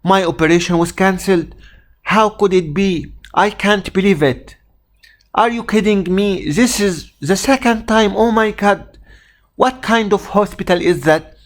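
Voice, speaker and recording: A man with an Egyptian accent doing an enraged middle-aged patient, shouting, indignant, voice pushed well above his usual pitch, exasperated outbursts. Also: a little slow. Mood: angry.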